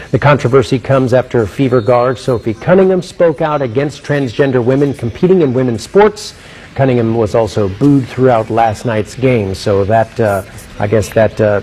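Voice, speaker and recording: A man reading local TV news in a measured way, with occasional fillers. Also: mid-range voice, mellow, breathy edge. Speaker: news anchor.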